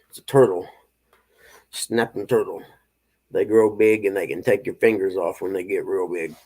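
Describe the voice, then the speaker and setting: His voice sits low, with a darkish, husky tone. A man in his fifties, he hosts a laid-back morning live stream, chuckling frequently and reading viewers' chat aloud.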